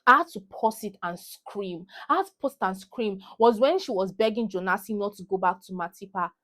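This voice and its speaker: A woman's voice: mid-range voice, a little fast, fairly bright tone. A young woman with a Nigerian accent, ranting heatedly about a movie to her phone camera and repeating lines for emphasis. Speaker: vlogger. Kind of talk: animated movie rant.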